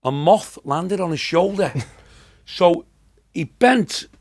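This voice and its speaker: Chatty Liverpool comedian telling stories. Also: male voice, sits high, expressive, takes it slowly. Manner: anecdotal, chatty, rambling. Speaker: comedian guest. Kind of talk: casual storytelling.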